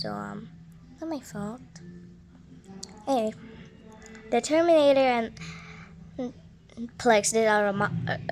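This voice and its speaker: A woman reading a creepypasta story aloud, halting and stumbling with frequent restarts. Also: a little high, slight background noise.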